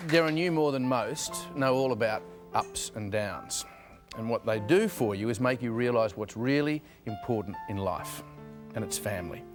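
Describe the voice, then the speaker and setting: An Australian man hosting a televised tribute show, presenting to a studio audience in a formal, measured way. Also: medium pitch, expressive, over music. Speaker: host.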